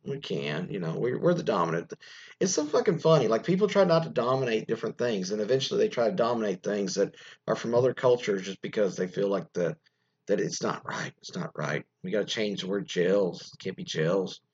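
Husky-voiced man riffing on the news. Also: fairly low pitch, sing-song, fairly quick, a little mellow. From United States. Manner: rambling, frequent restarts and fillers, reads news aloud then riffs. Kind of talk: casual opinionated commentary. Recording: dull lo-fi sound.

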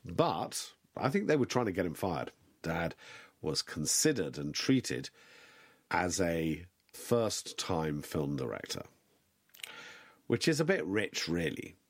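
A man being interviewed, speaking in a dry, wry and measured way about his late father. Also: low-pitched, slightly rough, dry recording. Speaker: interview guest. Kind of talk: reflective interview talk.

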